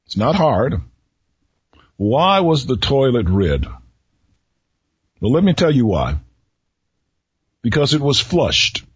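A man hosting a radio talk show who tells riddles to his listeners slowly, repeating each one and pausing before the answer, with a folksy manner. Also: mid-range voice, big pitch swings, husky, no echo. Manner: folksy, chuckles at his own jokes. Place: radio studio. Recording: dull lo-fi radio recording.

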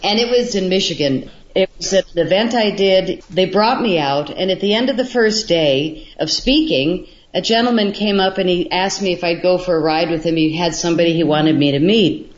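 A middle-aged woman guest telling stories in an animated way, acting out what people said. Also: lowish voice, moderate pace, hardly any pauses. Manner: animated storyteller, acts out quotes. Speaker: guest filmmaker. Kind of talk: storytelling in a radio interview. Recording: roomy, dull lo-fi sound.

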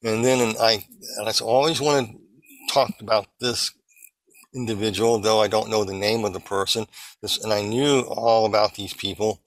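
Earnest low-voiced man telling a vision. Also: fairly even intonation, no echo, low-quality recording. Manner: earnest, halting, many restarts. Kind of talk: recounting a vision, testimony.

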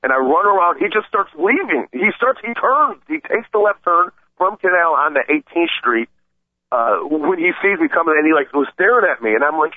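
A man telling a story in a casual chat, excited and rambling, often stammering and restarting. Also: on the high side, brisk, no echo. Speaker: podcast regular telling a story. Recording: tinny phone-like sound.

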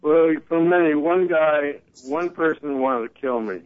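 A man talking earnestly in a casual conversation, telling animated stories and quoting other people, heard over a phone call. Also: on the high side, unhurried. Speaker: guest. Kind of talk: casual talk show conversation. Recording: tinny phone-line sound.

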